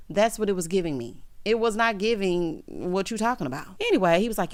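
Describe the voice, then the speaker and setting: A woman's voice: mid-range voice, lively intonation, quick pace, hardly any pauses. A young adult woman giving a blunt, sassy recap of a reality show, talking straight to the people on screen. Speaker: recap commentator.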